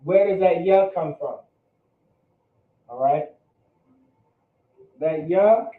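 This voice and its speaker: Male Hebrew teacher, high voice, far from the mic, thin phone-like sound, patient and repetitive. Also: extremely slow. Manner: patient, checks understanding with repeated questions. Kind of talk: classroom teaching. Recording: roomy, distant, phone-like lo-fi.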